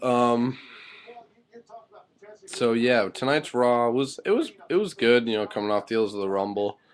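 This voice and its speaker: A man's voice: mid-range voice, a little slow. A man giving a casual spoken recap of a wrestling show, rambling with lots of fillers and blunt swearing.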